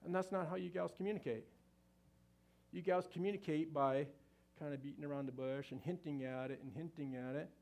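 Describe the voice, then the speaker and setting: A man's voice: a little high, fairly even intonation, brisk, darkish tone. A man speaking to a live audience at a marriage seminar, folksy and conversational, with frequent fillers and restarts.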